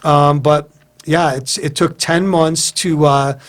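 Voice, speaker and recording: A man being interviewed as a guest on a radio show, telling a personal story in a rambling, animated way with frequent restarts. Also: fairly high pitch, takes it slowly. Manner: animated, acts out dialogue while recounting events. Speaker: guest, founder of a motivational group.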